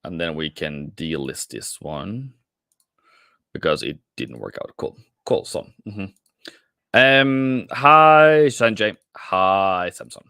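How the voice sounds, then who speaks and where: A man talks through a live trading stream in a casual, chatty way, greeting his viewers and calling them mate and brother. His voice sits low, but his pitch swings widely as he talks. The recording is dry and close, with no room sound. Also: expressive, takes it slowly, gravelly, pushed and bright, smooth, dry recording. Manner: chatty, addresses viewers directly, many restarts.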